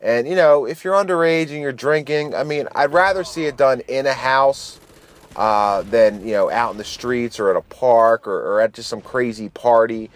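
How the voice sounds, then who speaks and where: Over gameplay, a man in his thirties hosts his channel and shares a casual anecdote at a moderate pace in a mid-range voice. The talk is loose, slangy and profane, and he keeps starting over mid-sentence.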